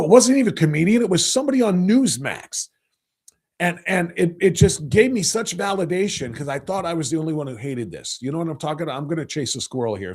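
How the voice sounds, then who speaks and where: A middle-aged man hosting a livestreamed podcast, talking politics in a rambling, animated, opinionated way. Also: a little high. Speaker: podcast host. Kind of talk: casual political commentary livestream.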